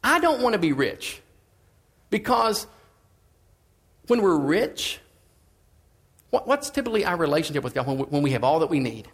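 Male preacher, fairly high voice, conversational sermon delivery with shifting emphasis. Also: sing-song, normal speed, pauses often, a bit bright, breathy edge.

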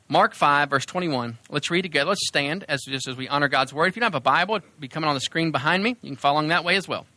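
A man's voice: mid-range voice, bright, forceful tone, no echo. A man preaching a sermon in a church, conversational and full of fillers and restarts. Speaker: pastor.

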